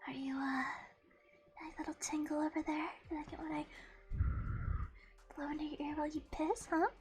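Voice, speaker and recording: A woman putting on a teasing ASMR whisperer, her voice breathy and hushed as she murmurs close to the ear. It is a whispered role-play with slow, intimate phrasing. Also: sits high, little pitch movement.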